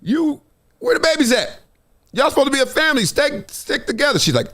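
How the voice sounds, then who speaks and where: Animated slangy middle-aged male host. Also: very high voice, brisk. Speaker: host, former football player. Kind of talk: casual livestream talk.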